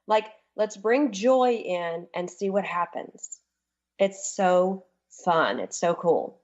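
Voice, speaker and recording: A woman's voice: medium pitch, expressive, slow pace, darkish tone, lo-fi sound. A woman coach talking enthusiastically in a casual radio interview, speeding up and then stretching words out. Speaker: guest, transformation coach.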